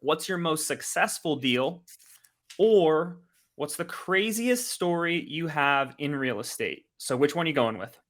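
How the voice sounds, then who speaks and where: A man's voice: on the high side, expressive, unhurried, a bit bright. A man hosting a podcast, introducing a guest and laying out the rules in an upbeat, friendly way. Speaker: podcast host. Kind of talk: conversational podcast interview.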